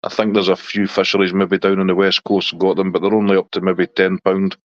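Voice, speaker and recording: A Scottish man hosting a casual live chat with viewers in a relaxed, chatty way. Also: brisk, no echo. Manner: relaxed, chatty, talks to his dog in a high baby voice. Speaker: livestream host chatting with viewers. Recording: dull lo-fi dry sound.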